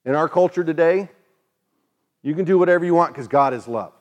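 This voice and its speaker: A pastor delivers a sermon at a brisk clip, keeping things relaxed and conversational. His voice runs slightly high, and he briefly imitates the people he quotes.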